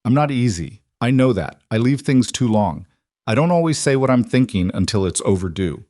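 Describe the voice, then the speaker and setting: A man voicing a reserved, careful middle-aged rancher in a storybook reading, halting and earnest. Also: medium pitch, lively intonation, a little mellow, no room sound, clean studio sound, close to an everyday voice.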